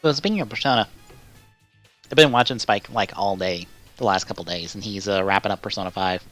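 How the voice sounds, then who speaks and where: A man hosting a live stream in casual chat, rambling with lots of filler words and swearing, and breaking into loud exasperated outbursts. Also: on the low side, a little fast, soft background music. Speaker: stream host.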